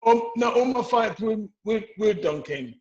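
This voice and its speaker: A middle-aged man from England, telling stories in a casual interview, animated and stumbling over restarts. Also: high-pitched, measured pace, highs cut off. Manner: animated storytelling with repeated restarts. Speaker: interview guest, former boxer.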